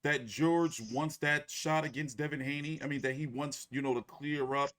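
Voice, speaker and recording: A man's voice: on the high side, fairly even intonation, normal speed, a bit bright. A man hosting a boxing podcast, rambling in casual chat. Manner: rambling, many fillers and restarts.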